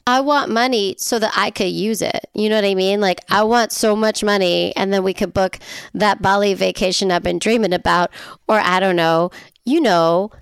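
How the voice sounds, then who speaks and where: A woman's voice: mid-range voice, moderate pace, gravelly, clean tone, dry recording. Brief: woman co-host, casual and joking, mid voice, dry close mic. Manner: reactive, joking, expressive asides. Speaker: podcast co-host. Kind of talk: casual chat.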